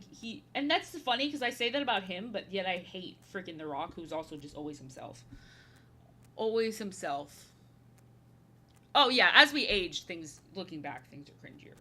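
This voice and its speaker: Bright-voiced woman rambling on stream. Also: mid-range voice, a little hiss or hum. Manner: rambling, repeats her own phrases; playful, slips into silly voices. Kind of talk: casual chat while painting.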